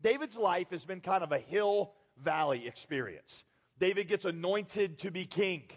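A man's voice: sits high, lively intonation, moderate pace. A man preaching a sermon as pastor, talking to the congregation in a casual way, asking them questions and using many fillers. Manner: conversational, asks the audience questions, frequent fillers. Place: large church hall with multiple campuses. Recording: long reverb of a large hall.

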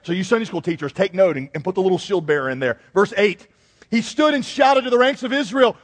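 Man, pastor, humorous conversational sermon, high voice, echoing church hall. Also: fast talker. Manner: joking, conversational, animated. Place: church sanctuary. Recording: long reverb in a large hall.

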